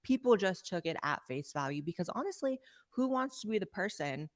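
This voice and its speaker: A narrator reading a scripted commentary video in a brisk, sardonic manner. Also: mid-range voice, very animated.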